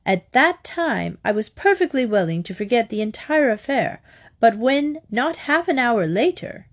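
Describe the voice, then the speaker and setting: A woman's voice: on the high side, big pitch swings, unhurried, voice pushed up, heavily acted. A woman voicing a pompous, indignant male secretary who speaks in a bitter, clipped way in a storybook reading.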